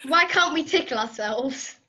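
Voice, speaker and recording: A woman's voice: high-pitched, expressive, a little slow, bright, forceful tone, low-quality recording. A woman hosting a casual interview, reading out questions in a chatty, giggly way. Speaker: host.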